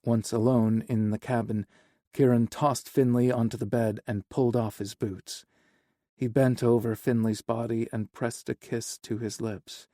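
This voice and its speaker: A male audiobook narrator with a warm, mellow voice reads a novel in an even, unhurried way. The sound is dry and close, with no room echo. His pitch sits in an ordinary middle range. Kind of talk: scripted narration.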